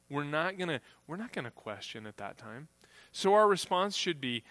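A man's voice: mid-range voice, lively intonation, brisk, a bit bright, no room sound. A man preaching a sermon in a conversational way, acting out the voices of people he quotes. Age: adult, grew up on a farm family. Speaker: pastor.

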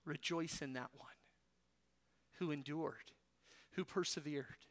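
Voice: medium pitch, slow pace, fairly bright tone. A preacher delivers an expository sermon with firm emphasis. The voice exhorts listeners directly and leans on rhetorical questions to drive each point home.

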